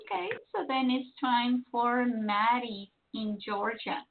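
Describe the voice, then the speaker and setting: A woman co-hosting a call-in show, introducing callers in an unhurried, matter-of-fact way. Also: on the high side. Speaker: show co-host taking calls. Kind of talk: casual radio hosting. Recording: tinny phone-like line with faint noise.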